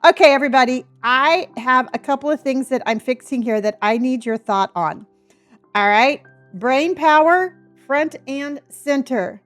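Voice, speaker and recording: A middle-aged woman with a high, bright-pitched voice chats with her viewers during a live stream. She is bubbly and talkative and thanks people one after another with quick bursts of excitement. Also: faint music behind.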